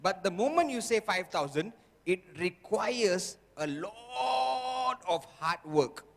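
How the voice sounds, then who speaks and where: A man's voice: high voice, lively intonation, takes it slowly, fairly bright tone. A man giving a motivational seminar talk who keeps checking in with the audience and acts out the voices he quotes. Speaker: seminar speaker. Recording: long hall reverb.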